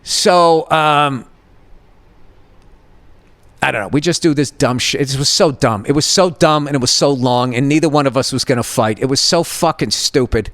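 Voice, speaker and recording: A man's voice: normal speed, dry recording. Profane storytelling man, close dry mic. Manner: profane, exasperated, acts out both sides of the argument with sharp jumps in pitch. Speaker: podcast host. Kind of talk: comedic storytelling rant.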